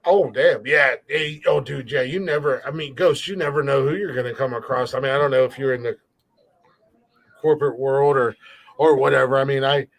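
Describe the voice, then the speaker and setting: A man hosts a podcast in a loose, rambling chat, telling folksy stories and swearing without a second thought. His voice sits at an ordinary middle pitch. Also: brisk, low-quality recording. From rural countryside. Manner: rambling, profane, folksy storytelling. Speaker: podcast host.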